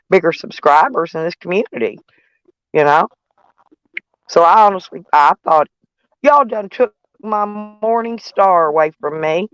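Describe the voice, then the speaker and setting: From her van, a woman vlogger rambles casually to her audience in a folksy, salty way. Her voice sits on the lower side, and the recording is dry.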